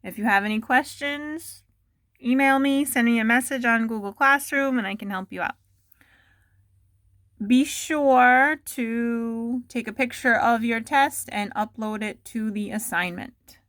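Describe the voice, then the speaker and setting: Slow, deliberate woman teacher dictating. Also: on the high side, a bit bright, no echo, studio quality. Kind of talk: dictating a spelling test for remote students.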